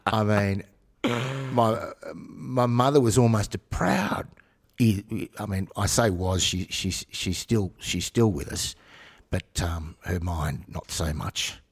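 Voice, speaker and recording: A low, husky Australian man chatting on talk radio. He tells animated stories, and his voice has a slightly raspy grain. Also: slow pace. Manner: animated storyteller, does voices. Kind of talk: casual chat.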